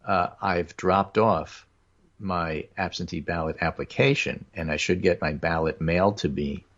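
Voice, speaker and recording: A man's voice: deep voice, unhurried, fairly bright tone, highs cut off. A man hosting a podcast, casually telling a story and acting out what people said. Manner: storytelling, acts out other people's lines. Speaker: podcast host. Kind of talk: casual chat, telling an anecdote.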